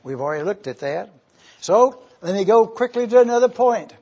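An older pastor preaches with emphatic swells and keeps asking the congregation questions. His husky voice sits high for a man, and the recording is dull and lo-fi. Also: expressive, moderate pace, dark tone. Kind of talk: sermon. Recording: dull lo-fi sound.

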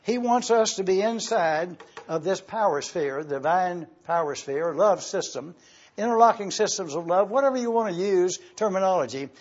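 A man preaching a sermon in a high, husky voice, unhurried and deliberate as he spells out Greek words letter by letter. The recording is muffled and lo-fi, like an old church tape. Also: lively intonation. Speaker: pastor.

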